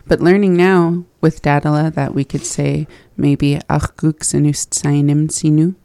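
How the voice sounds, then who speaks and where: A woman in a casual language lesson, practising phrases slowly and laughing at her own slips. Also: low-pitched, level tone, creaky, warm tone, clean tone, dry recording. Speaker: language learner and co-host.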